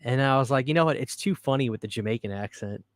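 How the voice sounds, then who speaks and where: A man's voice: mid-range voice, quick pace, dry recording, clean studio sound. Chatty man hosting a live stream. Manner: chatty, reads and answers viewer comments, laughs easily. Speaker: livestream host. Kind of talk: casual live chat. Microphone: studio microphone.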